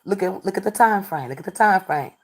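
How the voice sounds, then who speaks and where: This livestreaming reader talks fast in a medium-pitched, expressive voice. She argues with her chat, scolding viewers and saying things twice to drive the point home.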